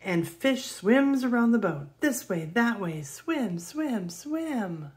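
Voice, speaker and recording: A woman reading a children's picture book aloud in a gentle, expressive way. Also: fairly high pitch, slow. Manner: gentle, expressive read-aloud with gasps and soft laughs. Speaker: storybook reader.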